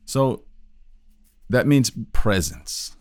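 A man's voice: medium pitch, lively intonation, very slow, a little mellow, dry recording, studio quality. A man hosting a solo talk on communication, thinking aloud in a loose, casual way with frequent restarts. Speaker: podcast host teaching communication.

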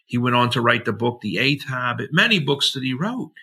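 A man's voice: mid-range voice, animated, brisk, gravelly, sharp tone, slightly rough. A middle-aged man, a podcast guest, telling rambling stories in a chatty, slangy way, full of fillers and acted-out quotes. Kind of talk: rambling anecdotal storytelling.

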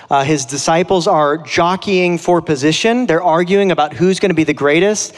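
A pastor delivers a sermon in an earnest, conversational way, slowing into dramatic readings of scripture. His voice sits a little high for a man. The sound rings with the long reverb of a large hall.

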